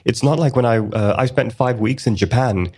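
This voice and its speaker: A man's voice: mid-range voice, moderate pace, a little mellow, breathy edge. A man from Sweden co-hosting a podcast, talking casually with frequent hesitations and fillers. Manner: hesitant, many fillers and restarts. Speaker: podcast co-host.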